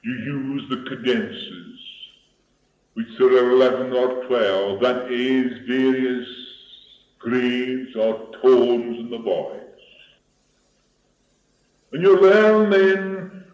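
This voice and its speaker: Male speech teacher, unhurried, demonstrates sounds; dull lo-fi recording in an echoey room. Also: medium pitch, fairly even intonation. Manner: slow, deliberate, demonstrating vocal sounds. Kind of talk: instructional voice lesson.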